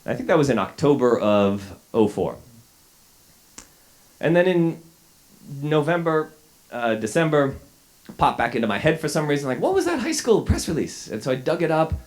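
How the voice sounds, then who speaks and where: A man's voice: mid-range voice, lively intonation, moderate pace, long pauses. Self-deprecating man telling a story onstage. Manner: self-deprecating, wry, with frequent fillers and restarts. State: a little sick, coughing. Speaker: journalist giving a talk. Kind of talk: storytelling talk to an audience. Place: lecture hall with a live audience.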